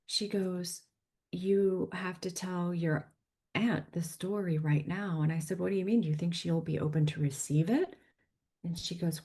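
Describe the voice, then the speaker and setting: Husky woman telling a story. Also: fairly low pitch, a little slow. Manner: animated storyteller, acts out quoted voices, drops to a whisper. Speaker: guest. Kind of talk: storytelling in a podcast interview.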